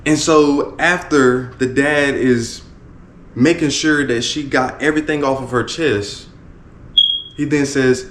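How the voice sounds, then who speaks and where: A man's voice: mid-range voice, fairly even intonation, takes it slowly, fairly bright tone, a little hiss or hum. A man working as a motivational speaker, telling a story in an earnest, repetitive way with many restarts. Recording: roomy echo with faint ambience.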